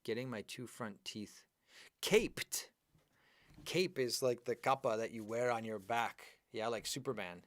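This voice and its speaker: A man teaching an English grammar class live, going over exercises and praising his students by name in a lively, chatty way. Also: medium pitch, normal speed, few pauses, no echo.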